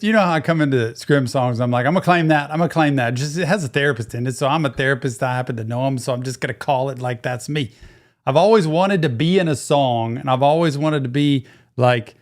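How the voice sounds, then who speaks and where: A therapist reacts to a song in a brisk, mid-range male voice, talking over the track with casual, enthusiastic and reflective commentary. Music plays in the background.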